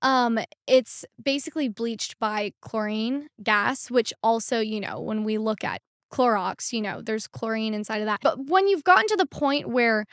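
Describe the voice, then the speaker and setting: Teen girl guest, quick and earnest, bit high, dry mic. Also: animated, fairly bright tone, no room sound. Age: teens. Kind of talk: podcast interview.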